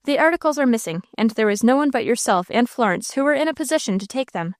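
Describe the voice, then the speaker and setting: Cold scheming gentleman villain, read by a woman, cool and stern, sneering, fairly high voice, dry close sound, audiobook. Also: animated, fast, no room sound, close to an everyday voice.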